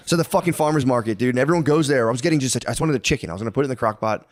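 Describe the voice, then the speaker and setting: A man's voice: medium pitch, rapid-fire, a little hiss or hum. A man co-hosting a podcast, chatting casually in a rambling, profane way and acting out annoyed voices. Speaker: podcast co-host. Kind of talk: casual chat.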